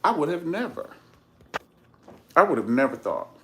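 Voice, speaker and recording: Calling his audience honey and cursing freely, this channel host delivers a campy, sassy documentary review as casual commentary and animated storytelling. He speaks on the high side at normal speed, with a little hiss or hum in the recording.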